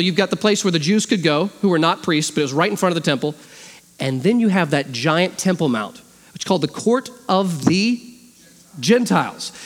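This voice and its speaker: A man preaching a sermon as a pastor, animated, acting out the voices he quotes. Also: high voice. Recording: long hall reverb.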